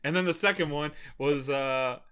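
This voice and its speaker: A young man from Maryland, a podcast host, telling animated, profane stories in casual chat and laughing often. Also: on the high side, moderate pace, clear, resonant tone. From Maryland, USA.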